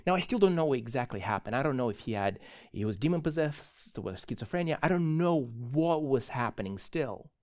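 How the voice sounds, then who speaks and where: A male pastor tells a story in a sermon, animated and prone to restarting his sentences. His voice sits at an ordinary middle pitch. He speaks in a church. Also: fairly quick. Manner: animated, self-correcting storyteller.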